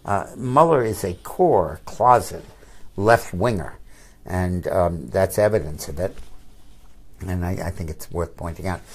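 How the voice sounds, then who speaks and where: A man's voice: deep voice, a little slow, slight background noise. An older man, a political commentator, telling anecdotes in a casual chat with frequent restarts.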